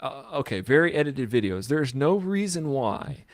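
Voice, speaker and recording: A man's voice: mid-range voice, very animated, normal speed, no room sound. A man co-hosting a podcast in rambling casual chat, often restarting his sentences. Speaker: podcast co-host.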